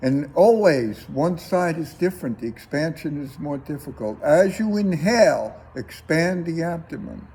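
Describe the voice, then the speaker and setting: A man teaching a breathing class, guiding students with slow, calm, coaxing instructions. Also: fairly high pitch, slightly rough.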